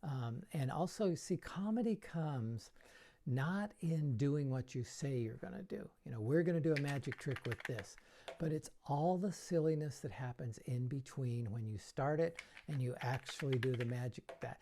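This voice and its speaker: Gravelly, mellow-voiced man coaching. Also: mid-range voice, moderate pace, a little hiss or hum. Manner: chatty, acts out kids' show banter in playful voices. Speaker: magic show coach. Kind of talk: casual tutorial talk.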